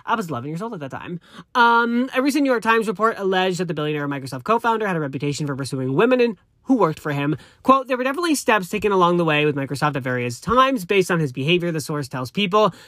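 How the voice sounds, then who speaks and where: A man's voice: high voice, animated, fast talker, fairly bright tone, dry recording, studio quality. A man in his thirties hosting a solo pop culture gossip podcast, reading news stories aloud with campy, gushing asides and frequent self-corrections. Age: 30s. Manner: campy and gushing, calls listeners honey. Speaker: podcast host.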